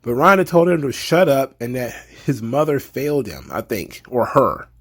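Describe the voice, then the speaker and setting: A man's voice: medium pitch, normal speed. Guy chatting through a wrestling episode recap, blunt opinions, laid back. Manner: chatty, opinionated, slips into animated impressions of fans. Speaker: wrestling show reviewer. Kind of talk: casual recap commentary.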